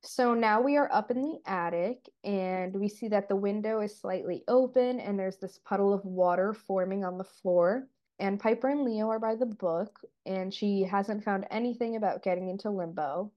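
A woman co-hosting a podcast, casually recapping and discussing a TV episode in a relaxed, chatty way full of fillers. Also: mid-range voice, normal speed, dull audio. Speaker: podcast co-host.

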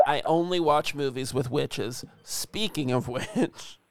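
A man's voice: a little high, takes it slowly, smooth. A man co-hosting a podcast in casual chat, cracking dry jokes and laughing often.

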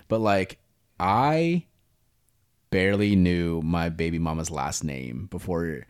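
A man co-hosting a podcast in casual chat, blunt and profane, acting out quotes in high voices. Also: a little slow, clean tone. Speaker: podcast co-host.

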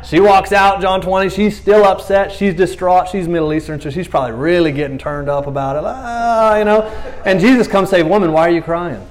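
Animated man preaching a casual sermon. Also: high-pitched, brisk, hardly any pauses. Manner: animated storytelling, acting out quoted lines in playful voices; conversational fillers like "you know what I mean". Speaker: pastor.

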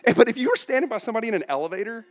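A man's voice: very high voice, very fast. A man in his thirties preaching a humorous sermon in church, laughing often and acting out quotes. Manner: animated, laughing, acts out quotes. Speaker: pastor.

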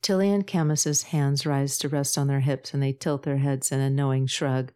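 A woman reading her own story aloud as podcast host, calm and measured. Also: extremely low pitch, smooth. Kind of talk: storybook narration.

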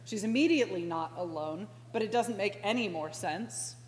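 A woman preaching a conversational sermon as a pastoral intern, slow and reflective, with sudden animated outbursts. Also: mid-range voice. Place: church sanctuary. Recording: echoey church hall with faint hum.

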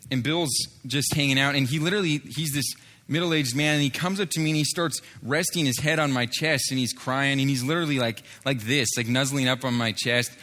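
Bright-voiced man telling a testimony. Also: medium pitch, brisk. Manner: storytelling with frequent fillers and restarts, acts out others' lines. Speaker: street evangelist telling a testimony. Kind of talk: spoken testimony story.

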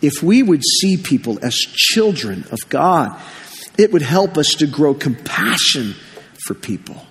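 A high-pitched male pastor delivers an earnest sermon, weaving stories and repeating key phrases. His voice is husky after a week of illness, and it rings out with a long hall reverb. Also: very animated, a little slow.

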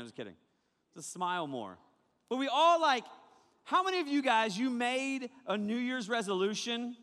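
A man preaching to a young crowd as a youth pastor, joking and animated, talking straight to his listeners. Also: high-pitched, in a large hall. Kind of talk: sermon.

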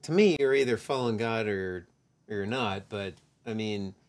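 A co-host in a casual discussion, hesitant and thinking aloud. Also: female voice, very deep voice, normal speed, a little mellow.

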